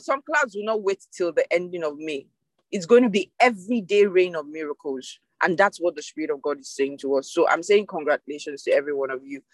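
Emphatic woman preaching over a video call. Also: no room sound. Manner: emphatic, repeats phrases for emphasis, rising and falling pitch. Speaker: preacher leading an online devotional. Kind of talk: sermon.

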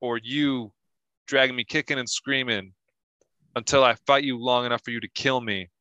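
A man's voice: medium pitch, steady tone, sharp tone, no echo, lo-fi sound, close to an everyday voice. A man playing a stubborn, sarcastic male shut-in who refuses to go. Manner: mocking, slow and stubborn refusals.

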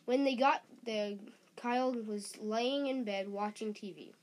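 A woman reading a story aloud slowly and haltingly, stumbling and restarting on words. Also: a little high, background noise.

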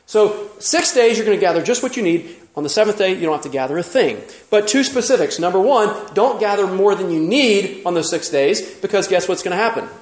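Male pastor, high voice, lively sermon, rhetorical questions, echoey sanctuary. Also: a little fast, few pauses. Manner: animated preaching with rhetorical questions.

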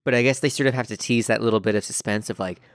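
A man's voice: fairly low pitch, rapid-fire. A man co-hosting a podcast, recapping an episode with wry, dry remarks. The sound is close and dry, with no room echo. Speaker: podcast co-host. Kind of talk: casual recap chat.

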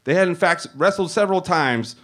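A man's voice: high-pitched, expressive, brisk, fairly bright tone. A man reading comic fiction aloud on a comedy stage, loose and wry with small stumbles. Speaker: comedy reader.

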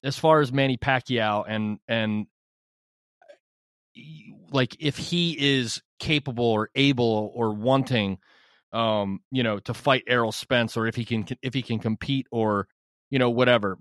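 A man in casual podcast chat, reasoning through his take in an easy, relaxed way with plenty of fillers. His voice is mid-pitched for a man. The sound is close and dry. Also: unhurried, no echo. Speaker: podcast co-host.

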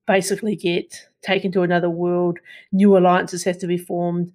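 A woman's voice: on the low side, flat delivery, normal speed, darkish tone. A woman co-hosting a podcast, sharing film news in a casual, hesitant way with many restarts. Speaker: podcast co-host. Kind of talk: casual pop-culture news chat.

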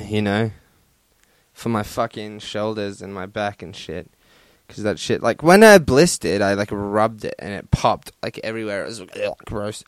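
Young male podcast host, crude and profane, talks slowly with a smooth, clear voice; dry, close sound. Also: fairly low pitch, no echo. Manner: crude, profane and laughing, with lots of fillers. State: sunburnt and hot. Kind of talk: casual solo podcast rant. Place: his room at home.

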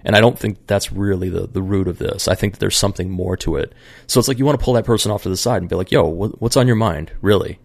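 Deep gravelly man, rambling and profane. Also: fast talker, no echo. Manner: rambling, profane, many fillers. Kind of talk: casual storytelling.

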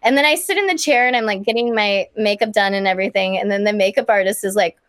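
A woman's voice: mid-range voice, quick pace, fairly bright tone, no room sound. A young woman from Kansas telling a story as a guest, bubbly and full of "like" fillers. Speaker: guest performer. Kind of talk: casual storytelling.

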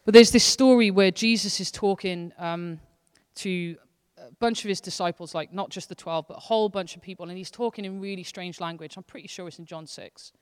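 A woman's voice: fairly low pitch, fairly quick, few pauses, clear, resonant tone. A woman associate pastor preaching a sermon in a casual, earnest, conversational way, with her intensity rising and falling as she speaks. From Wales. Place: church hall. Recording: long church hall reverb.

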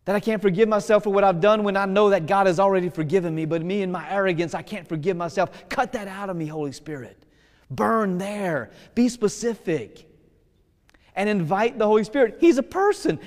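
A man preaching a sermon with passion, swinging between loud pleading prayer and hushed, gentle speech. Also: high-pitched, lively intonation, normal speed, big-room sound.

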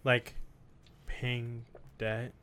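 A man co-hosting a casual podcast, relaxed and joking dryly. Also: medium pitch, drawn-out words, slight background noise. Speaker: podcast co-host.

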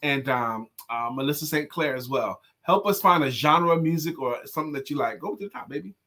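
A man hosts a morning show, chatting casually in a lively way, laughing often and teasing and ribbing his guests. His voice is fairly high and a little fast.

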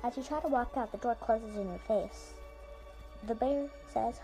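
A woman's voice: fairly high pitch, a little fast, dark tone, soft background music. Breezy woman reading a casual fan story. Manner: rambling, self-correcting, breezy.

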